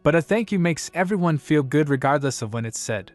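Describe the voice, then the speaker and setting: A man's voice: on the high side, lively intonation, a little fast, no room sound, soft background music, lightly acted. A man voicing a blunt but kind young duke in a storybook recap, speaking in a straightforward, reassuring way.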